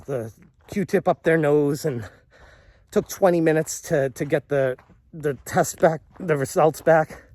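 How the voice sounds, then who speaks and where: A man's voice: high-pitched, darkish tone, no echo. A man telling a story as a vlogger, exasperated and rambling, often restarting his sentences. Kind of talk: storytelling commentary.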